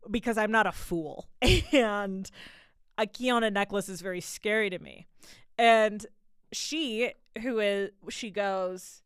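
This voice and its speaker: A woman's voice: medium pitch, slow pace, a bit bright, smooth, no echo, studio quality. A young woman DJ chatting casually on her radio show, rambling through stories with laughs in between. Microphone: studio mic.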